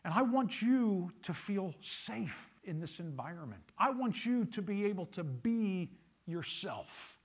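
A man's voice: sits high, sing-song, unhurried, breathy edge. A male pastor preaching a sermon, emphatic, repeating key phrases and asking the congregation questions.

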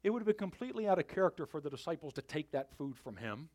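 A pastor preaching to his church, his voice pitched high and swinging widely as he tells the story. He animates the telling and then drops to a hushed near-whisper to land his point. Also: big pitch swings, rapid-fire. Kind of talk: sermon.

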